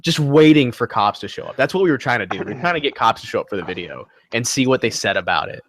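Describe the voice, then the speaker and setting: Animated man telling stories in a chat. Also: mid-range voice, fast, no echo. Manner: animated storyteller, swears often, acts out voices. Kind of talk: casual group chat.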